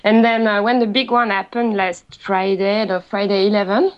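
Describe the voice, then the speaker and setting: A woman with a French accent, a guest in a casual online chat, talking in halting English with fillers and a shy, apologetic manner. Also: medium pitch, level tone, highs cut off. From France. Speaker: podcast guest.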